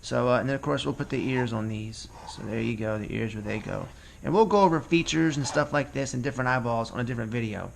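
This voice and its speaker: In a fast, creaky, mid-range voice with a slight hiss or hum in the background, a man gives a relaxed cartooning tutorial, chatting and reasoning aloud while drawing.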